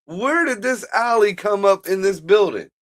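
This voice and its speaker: Male co-host, mid pitch with big lively swings, dry close sound, animated profane commentary. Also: normal speed, dry recording. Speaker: co-host watching a movie. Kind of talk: casual movie watch-along chat. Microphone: live stream microphone.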